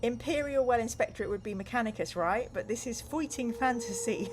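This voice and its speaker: Slight background noise sits behind this woman's voice, which is on the high side and a little fast. She plays through a gamebook in a casual chat, reading viewers' comments in a playful tone and telling the story dramatically.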